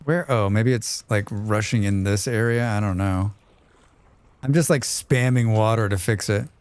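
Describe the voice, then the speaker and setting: A man's voice: lowish voice, measured pace, smooth, dry recording. A man streaming a survival game live, chatting casually, reading chat aloud and humming to himself as he plays. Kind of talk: casual gaming livestream chat.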